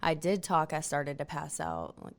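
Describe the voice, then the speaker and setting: A woman appearing as a podcast guest, calmly telling what happened to her. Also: deep voice, normal speed. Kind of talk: casual podcast chat.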